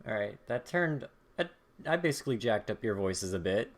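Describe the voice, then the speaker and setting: A man's voice: lowish voice, expressive, normal speed. A man hosting a game stream, chatting casually and laughing often over online voice chat. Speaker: stream host.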